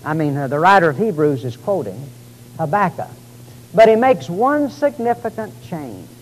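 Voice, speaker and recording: A man's voice: big pitch swings, normal speed, rough recording. Folksy preaching man, dramatic swings. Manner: dramatic preaching, rising to exclamations and dropping low; folksy, addresses listeners as folks. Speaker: pastor. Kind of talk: sermon.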